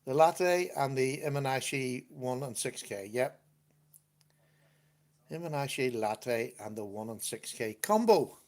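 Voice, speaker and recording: A man's voice: medium pitch, lively intonation, unhurried, a little mellow. Man hosting a casual livestream chat. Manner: chatty, laughs often, reads out viewer comments. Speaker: livestream host. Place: at home at a computer.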